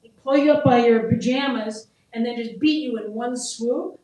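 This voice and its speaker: A woman's voice: fairly high pitch, moderate pace, warm tone. A middle-aged woman performing a stand-up comedy set, talking conversationally and self-deprecatingly and laughing at her own jokes. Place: open mic comedy show. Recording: echoey room, mic at a distance.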